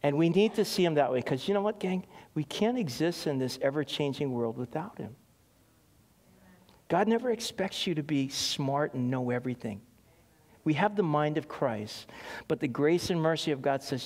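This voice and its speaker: A man's voice: fairly high pitch, a little fast. A middle-aged man, preaching a sermon as pastor, telling stories with laughs and acting out quotes. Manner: animated storytelling with laughs and acted quotes. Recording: long hall reverb.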